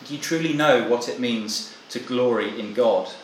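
A man preaching a sermon at an evening church meeting, earnest and measured, with the odd halting restart. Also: mid-range voice, a little hiss or hum. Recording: echoey room with faint ambience.

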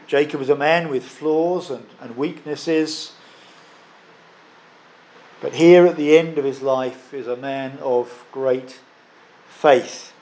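Man, preacher, sermon, emphatic, repeats phrases with pauses, somewhat high pitch. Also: darkish tone.

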